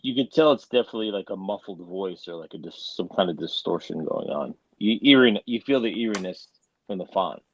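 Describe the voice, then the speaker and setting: A man co-hosting a comic book podcast, easygoing and quick to laugh, heard through a dull lo-fi mic. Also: deep voice, lively intonation, dry recording. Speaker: podcast co-host. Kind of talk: casual comic book discussion.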